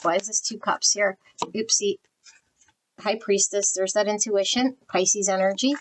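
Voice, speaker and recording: A woman's voice: mid-range voice, steady tone, unhurried, a little hiss or hum, low-quality recording. A woman giving a general pick-a-card tarot reading, talking bluntly in spiritual terms and naming cards as she draws them. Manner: blunt, spiritual, channels energy. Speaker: tarot reader.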